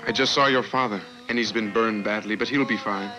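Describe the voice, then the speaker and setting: An actor playing a gentle man in an old film, speaking calmly and reassuringly to a woman. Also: on the low side, brisk, music in the background, close to an everyday voice. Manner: calm, reassuring. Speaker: film character.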